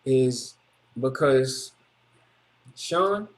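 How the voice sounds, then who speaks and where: A man's voice: medium pitch, lively intonation, drawn-out words. A man vlogging a personal story in a casual, rambling monologue, agitated, repetitive and full of slang.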